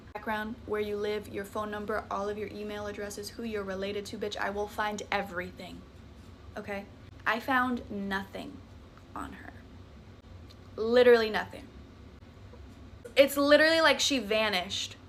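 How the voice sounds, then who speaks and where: A woman's voice: fairly high pitch, bright, forceful tone. A woman with a Southern US accent telling a spooky personal story in a chatty, profane, dramatic way. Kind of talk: casual storytime vlog.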